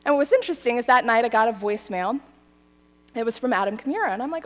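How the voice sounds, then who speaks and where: A woman in her thirties giving a sermon, telling a story with lively, animated delivery. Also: on the high side, quick pace. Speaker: church speaker. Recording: hall reverb.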